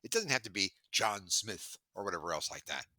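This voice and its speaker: Animated, bright-voiced male sales guest. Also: low-pitched, brisk, dry recording, clean studio sound. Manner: animated storyteller, acts out dialogue. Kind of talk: podcast interview.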